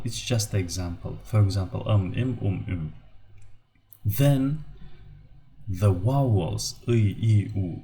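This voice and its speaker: A man with a Turkmen accent teaching a recorded language lesson, slowly repeating example words. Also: lowish voice, dark tone.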